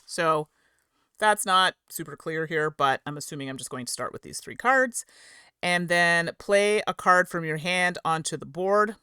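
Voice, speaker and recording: A woman's fairly low, unhurried voice, pushed and bright yet clean, carries a live game stream from her home setup. As host, she chats with viewers and explains the rules, giggling and tripping over words. There's no room sound, and the audio is studio quality.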